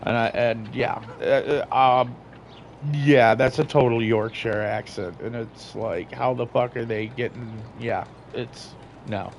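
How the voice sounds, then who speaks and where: Slow-talking man ranting over gameplay. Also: medium pitch, fairly even intonation, slight background noise. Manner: incredulous, profane ranting. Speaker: gamer streamer. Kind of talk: casual gameplay commentary.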